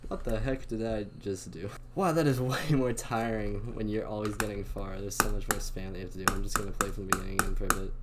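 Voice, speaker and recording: A young man giving excitable, slangy commentary on his own gameplay and talking to himself as he plays. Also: fairly low pitch, quick pace, few pauses. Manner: excitable, slangy, talks to himself while playing. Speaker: gaming channel host. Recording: loud clicking and keyboard noise. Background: constant mouse and keyboard clicks.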